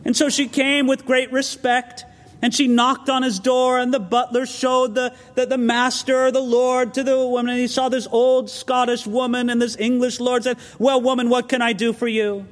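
A man's voice: extremely high pitch, monotone, moderate pace. A man preaching an expository sermon as pastor, earnest and preacherly, telling stories with asides. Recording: long reverb of a large hall.

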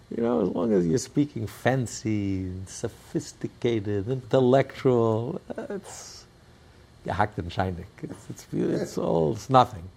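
A low-voiced man leads a religious class, his voice gravelly and husky. He tells stories in a lively teaching way, now and then bursting into shouts and laughs. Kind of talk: animated Torah class with storytelling.

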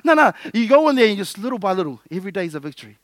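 A man preaching a lively, jokey sermon, acting out little scenes as he goes. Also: sits high, rapid-fire, no room sound. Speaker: pastor.

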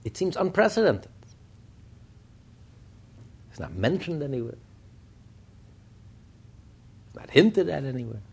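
A man's voice: on the high side, sing-song, moderate pace, vocal fry, breathy edge. A man giving a Chassidic Torah lesson, firing rhetorical questions and telling stories. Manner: fires rhetorical questions, storytelling. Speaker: Torah teacher.

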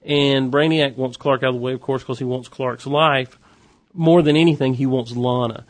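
A man hosting a podcast, casually recapping a TV episode with animated, wry asides. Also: medium pitch, moderate pace, no room sound.

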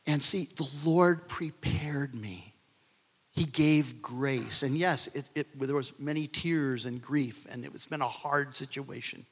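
A man's voice: mid-range voice, unhurried, a bit bright, slightly rough. A man in his sixties preaching a sermon as pastor, earnest, swelling into emphasis and dropping to near-whispers. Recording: long hall reverb.

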